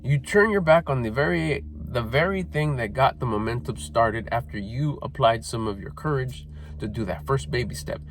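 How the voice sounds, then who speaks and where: A man's voice: medium pitch, normal speed, a little hiss or hum. A middle-aged man giving a blunt, profane motivational talk, scolding listeners and mocking their excuses in whiny put-on voices. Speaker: motivational speaker.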